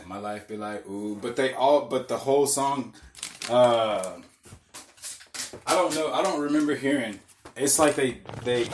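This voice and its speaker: A young man hosting a podcast, telling loose stories in casual chat, swearing often and laughing at his own jokes. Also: medium pitch. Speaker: podcast host.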